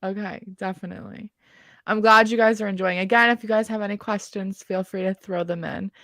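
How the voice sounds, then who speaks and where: A woman's voice: medium pitch, steady tone, a little fast, fairly bright tone, dry recording. Young woman podcast host, teasing and giggly, dry close mic. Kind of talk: casual chat.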